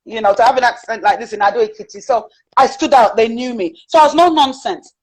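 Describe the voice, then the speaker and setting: A woman with a British accent telling personal stories as a guest in an interview, animated and chatty, with frequent fillers. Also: on the high side, fast talker, poor audio.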